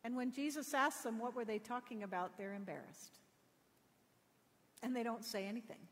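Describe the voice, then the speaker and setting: A woman's voice: on the high side, fairly even intonation, normal speed. Woman preaching in a reverberant church. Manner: storytelling, gently humorous. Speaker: pastor. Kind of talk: sermon.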